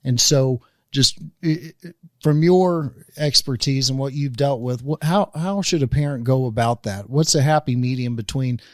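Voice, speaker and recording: A man's voice: medium pitch, moderate pace, dry recording. Man hosting a parenting podcast, dry sound. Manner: rambling with many restarts. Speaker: podcast host. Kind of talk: casual conversation, storytelling.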